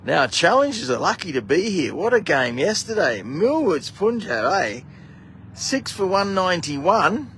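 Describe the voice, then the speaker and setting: A man's voice: high-pitched, unhurried, slight background noise. Chatty Australian man commentating cricket. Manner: chatty, excitable, laughs often. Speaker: amateur cricket commentator filming. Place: outdoors at a cricket ground. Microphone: camera mic while filming.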